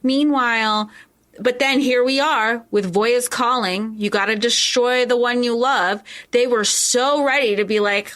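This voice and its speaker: A woman's voice: on the high side, fairly even intonation, measured pace, a bit bright. A woman co-hosting a podcast, talking casually about a book in a chatty way with many fillers. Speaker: podcast co-host.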